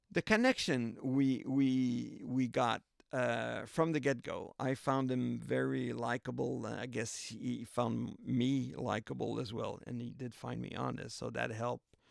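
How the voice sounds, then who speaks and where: A man's voice: mid-range voice, gravelly, no room sound, clean studio sound. A man podcast host casually retelling a story in a chatty, rambling way, full of filler asides.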